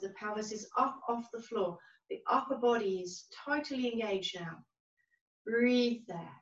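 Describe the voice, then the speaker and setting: A woman teaching a yoga class, giving calm, gentle, unhurried cues. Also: on the high side. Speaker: yoga instructor. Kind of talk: guided yoga class instruction. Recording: roomy, distant, dull-sounding recording.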